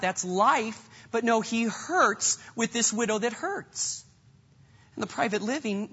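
A man's voice: high voice, a bit bright, slightly rough, in a large hall, dull audio. A man preaching a sermon with an earnest style, often repeating words as he goes. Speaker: pastor.

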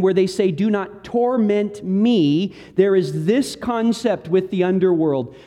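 A man's voice: high-pitched, mellow, big-room sound. A man preaching an earnest, emphatic sermon, working through scripture verse by verse. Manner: earnest, emphatic preaching with rising and falling intensity. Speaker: pastor. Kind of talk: expository sermon.

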